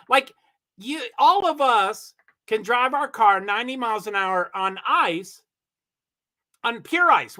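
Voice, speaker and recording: A man hosting a livestream, giving rambling, chatty commentary on a car race and swearing when he gets excited. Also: high-pitched. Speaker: livestream host. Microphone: computer mic on a streaming call.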